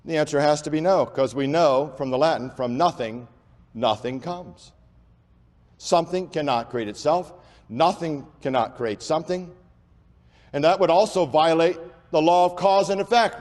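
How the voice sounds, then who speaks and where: High-voiced man preaching in a reverberant hall. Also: darkish tone. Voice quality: says he has a speech impediment and talks without pausing for breath. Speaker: creationist speaker. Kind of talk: preaching lecture to an audience.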